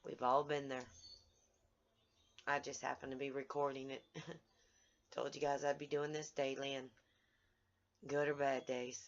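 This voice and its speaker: A woman vents in a daily video diary, angry and outraged, breaking off and restarting her sentences. Her voice sits low and her pace is slow. The sound is dull and lo-fi. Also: little pitch movement. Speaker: vlogger.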